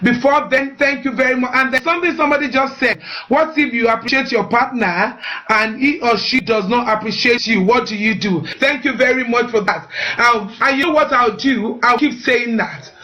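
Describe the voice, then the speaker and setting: A woman's voice: on the high side, normal speed, sharp tone. A woman hosting a live-streamed marriage advice talk. She speaks earnestly, urges her listeners and often repeats words while she finds the next one. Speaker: host of a marriage advice show.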